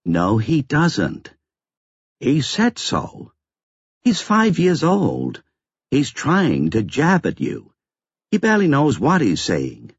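A man's voice: on the high side, wildly swooping pitch, takes it slowly, pauses often, breathy edge, dry recording, voice pushed up, exaggerated voice. A man voicing an unflappable older woman in an audiobook, wry and matter-of-fact, on a slightly dull lo-fi recording. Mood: firm. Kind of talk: audiobook character voice.

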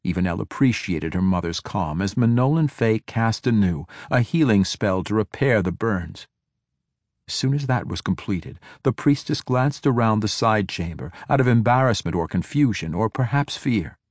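A man narrating a fantasy audiobook in a measured, even storytelling manner. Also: lowish voice, no echo, studio quality.

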